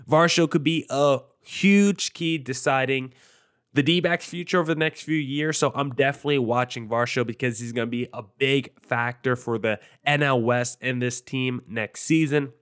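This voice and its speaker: A man's voice: mid-range voice, steady tone, normal speed, fairly bright tone, smooth. A man with a mid-range voice talks through his baseball opinions in a loose, casual monologue. He sounds opinionated and conversational, like a host breaking down his team for regular listeners. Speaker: sports show host.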